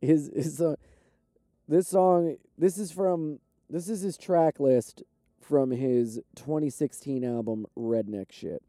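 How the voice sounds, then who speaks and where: A man, a touring stand-up comic, chatting casually and rambling with lots of swearing and excitement while sitting in his parked car. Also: on the high side, slow, no echo, clean studio sound. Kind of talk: casual vlog chat.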